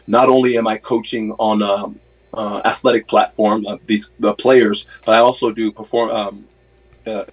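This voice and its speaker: A man's voice: fairly low pitch, level tone, moderate pace, breathy edge, rough recording. A man in his thirties, a basketball coach, telling his story in a casual interview, earnest and full of faith, with many fillers. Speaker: NBA player development coach, guest.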